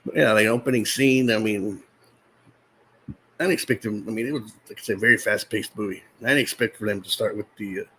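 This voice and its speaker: A man's voice: fairly low pitch, a little fast, fairly bright tone, a little hiss or hum, low-quality recording. A man reviewing a movie in a casual vlog, rambling and restarting his sentences, exasperated and incredulous, sometimes talking while eating popcorn.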